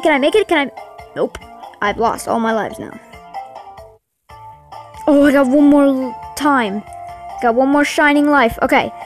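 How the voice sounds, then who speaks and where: A woman doing let's-play commentary, excitable and easily frustrated, talking to her viewers as she plays. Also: sits high, rough recording. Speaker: gaming channel host.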